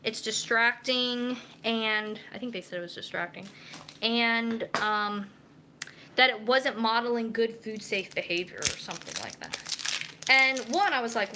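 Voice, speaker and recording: A young dietitian with a highish, animated voice cooks in her home kitchen during a live stream, chatting casually at a measured pace. She rambles with lots of fillers, picked up by a camera mic against a noisy background.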